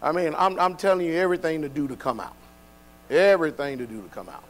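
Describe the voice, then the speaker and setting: A man preaching a sermon, dropping to quiet, low passages and then building to loud, shouted exhortation. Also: animated, quick pace, low-quality recording.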